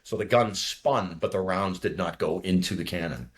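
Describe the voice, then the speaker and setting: A retired fighter pilot in his sixties from outside Boston, USA, tells war stories in a low, husky voice at normal speed. He talks casually and profanely, laughs as he goes, and acts out radio calls.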